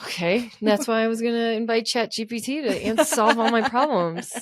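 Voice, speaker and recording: A woman's voice: fairly high pitch, normal speed, no room sound, clean studio sound. A young woman co-hosting a podcast, telling stories in casual chat, swearing freely and laughing often. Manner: profane, animated storytelling, laughs often. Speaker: podcast co-host.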